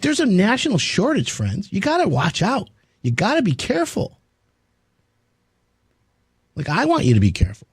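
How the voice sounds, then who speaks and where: Chatty, lively male radio host. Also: sits high, breathy edge, dry recording. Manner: chatty, storytelling, jokey. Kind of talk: casual talk radio chat. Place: radio studio.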